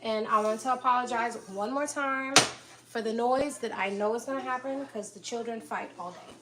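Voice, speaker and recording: A woman's voice: fairly high pitch, moderate pace. Chatty woman streaming from her kitchen. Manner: chatty, greets viewers by name, laughs often. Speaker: livestream host cooking dinner. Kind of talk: casual live-stream chat while cooking. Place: home kitchen with pots and dishes clattering. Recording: kitchen clatter and household noise in background.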